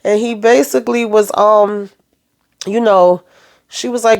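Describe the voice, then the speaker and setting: A woman's voice: medium pitch, steady tone, moderate pace, darkish tone. A woman giving a casual recap of a TV episode. She acts out the characters' lines and keeps tagging "okay?" and "all right?" onto her sentences. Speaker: TV episode reviewer.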